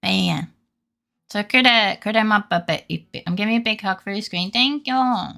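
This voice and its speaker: A woman's voice: medium pitch, brisk, gravelly, pushed and bright. A woman chatting casually with her viewers on a live stream, swearing freely and laughing often.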